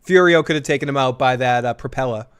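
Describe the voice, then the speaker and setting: A man with a Boston accent co-hosting a casual live watch-along chat, rambling through asides with quick laughs. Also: mid-range voice, fairly bright tone, smooth. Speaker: co-host.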